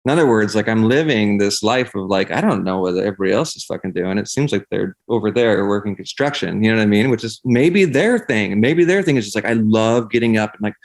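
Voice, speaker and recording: A young man speaking in a somewhat low voice, chatting loosely as a podcast guest. He rambles through his thoughts with plenty of swearing and filler words. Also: expressive, brisk, few pauses. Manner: rambling, profane, heavy use of "like". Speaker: podcast guest, singer and life coach. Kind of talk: casual conversation.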